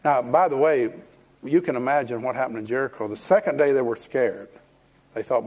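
Gravelly folksy male preacher. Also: mid-range voice, brisk, darkish tone. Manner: folksy storytelling, emphatic warnings. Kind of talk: sermon.

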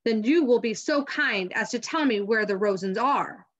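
A woman reading aloud as a harsh, demanding male soldier in a storybook scene, on a dull lo-fi recording. She speaks loudly and makes no effort to soften her tone. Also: fairly high pitch, lively intonation, normal speed.

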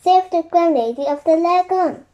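Woman reader doing an eager little girl, high and bright, shouting over wind. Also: moderate pace, dull audio. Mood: excited. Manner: excited, calling out loudly. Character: bold, eager young girl adventurer.

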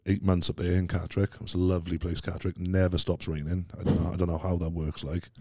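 A man's voice: deep voice, flat delivery, fast talker, mellow, no echo, clean studio sound. A man, chatting as a podcast guest about his past, laughing often and calling the host "mate". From Wales. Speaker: guest, strongman and former soldier. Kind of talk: casual interview chat.

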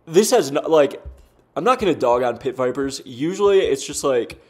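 A man's voice: mid-range voice, expressive, moderate pace, slightly rough, soft background music. Young American guy streaming a game, loose and profane, jokey, mid-range voice. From United States. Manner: laid-back, swears often, talks in bursts with fillers and self-deprecating jokes. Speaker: gaming streamer. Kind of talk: casual gameplay commentary.

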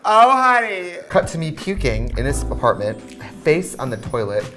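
A man's voice: on the high side, big pitch swings, moderate pace, music in the background. A man co-hosting a comedy show in campy banter, calling everyone honey and breaking into shrieking laughs.

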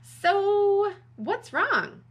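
A woman voicing a bossy young animal friend in a storybook who calls out loudly and chides the others. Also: very high-pitched, very animated, extremely slow, pitched above the performer's own voice, heavily acted.

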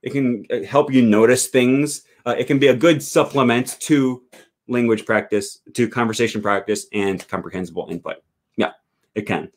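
A man who teaches languages, talking casually on a livestream and answering viewer comments, thinking aloud with frequent fillers. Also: mid-range voice. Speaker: language teacher and channel host.

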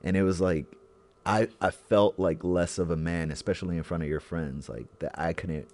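Man co-host, very low voice, casual chat, thoughtful and searching. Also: steady tone, moderate pace, darkish tone. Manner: reflective, searching for words. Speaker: podcast co-host.

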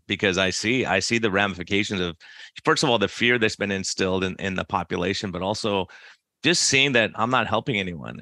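A man's voice: on the low side, no room sound, studio quality. A middle-aged man hosting a podcast, telling stories animatedly with frequent restarts. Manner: storytelling, animated, many restarts. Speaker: podcast host, doctor. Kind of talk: casual interview chat.

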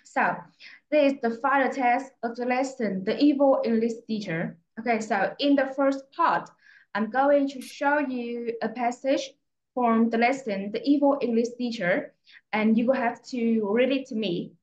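A woman English teacher with a Vietnamese accent, slowly and patiently questioning a young pupil in a speaking test. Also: fairly high pitch. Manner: slow, patient questioning, repeating prompts. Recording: echoey, dull lo-fi room sound.

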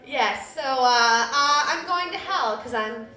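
A woman's voice: high voice, animated, unhurried, bright, forceful tone, roomy sound. A woman in her thirties telling a personal story live at a public storytelling event, self-deprecating with laughing asides.

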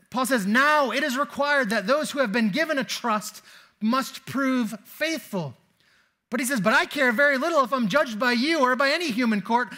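A man's voice: very high-pitched, pushed and bright. A man preaching a sermon in a church, talking in a conversational, storytelling way with casual fillers. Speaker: pastor. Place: church sanctuary.

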